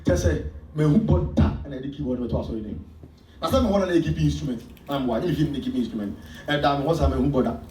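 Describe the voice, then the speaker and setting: A man with a Ghanaian accent preaching a sermon as pastor, with sudden loud emphasis. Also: medium pitch, fast talker, slight background noise. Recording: echoey church hall from far off.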